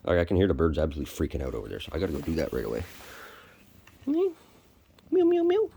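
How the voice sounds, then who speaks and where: A man on a cold morning, chatting to his kittens during chores and swinging between high, sing-song baby talk and a low, plain voice. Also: expressive, very fast, vocal fry, mellow, a little hiss or hum. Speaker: vlogger caring for animals. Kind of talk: casual talk to pets while doing morning chores. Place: outdoors or animal shed on a cold morning.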